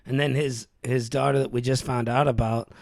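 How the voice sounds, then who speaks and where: A young man co-hosting a podcast, telling animated stories and laughing often. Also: mid-range voice, moderate pace, gravelly, no room sound, studio quality. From Ohio. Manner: animated storyteller, laughs often, acts out quoted voices. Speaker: podcast co-host. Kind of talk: casual podcast chat.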